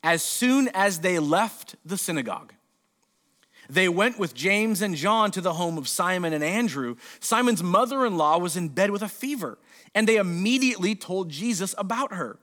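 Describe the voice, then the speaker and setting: A man with a notably high voice preaches a sermon as pastor. He reads scripture passages, then breaks into loose, conversational asides, acting out lines in quick put-on voices. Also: animated, fairly bright tone.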